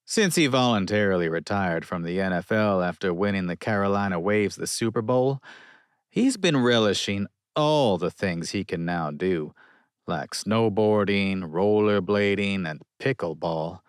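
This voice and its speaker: A man's voice: lowish voice, expressive, unhurried, clean tone, no echo, studio quality. A man narrating a romance audiobook in first person, wry and conversational.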